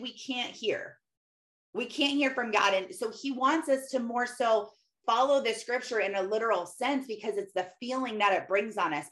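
A woman's voice: mid-range voice, a bit bright. A mother talking casually about faith and scripture, retelling a Bible story in an easygoing way, with frequent "like" fillers. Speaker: mother sharing faith reflections. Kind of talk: casual devotional talk on scripture.

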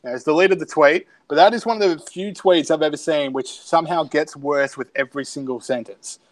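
A man's voice: on the high side, fairly quick. A man co-hosting a podcast from home, wryly reading out tweets and poking fun in casual banter. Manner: wry, sardonic, reading out tweets. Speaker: podcast co-host. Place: home, self-isolating.

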